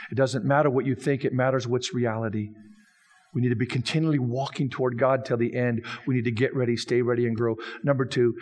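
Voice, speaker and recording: A man's voice: medium pitch, fairly even intonation, brisk, a little mellow. A man preaching a sermon as pastor, building emphasis through repeated phrases. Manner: preaching with rising emphatic repetition.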